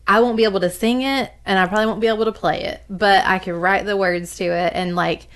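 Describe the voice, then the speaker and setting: A woman's voice: medium pitch, steady tone, fast talker. A woman chatting casually, with a loose, filler-heavy way of talking. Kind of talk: casual conversation.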